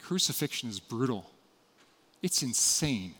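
A man's voice: mid-range voice, very animated, unhurried, slightly rough. Man preaching in a reverberant hall. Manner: storytelling, dramatic shifts between loud and hushed. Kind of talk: sermon.

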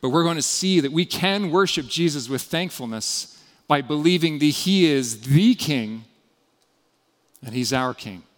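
A man giving a sermon, retelling a story with dramatic shifts between loud emphasis and hushed passages. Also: a little high, animated, measured pace, long reverb tail. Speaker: preacher.

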